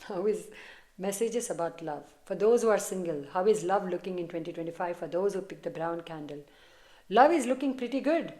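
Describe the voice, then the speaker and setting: A woman's voice: lowish voice, animated, brisk, dark tone. Chatty woman giving a tarot reading. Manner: chatty, reassuring, direct address to viewers. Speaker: tarot reader. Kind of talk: casual tarot reading to camera.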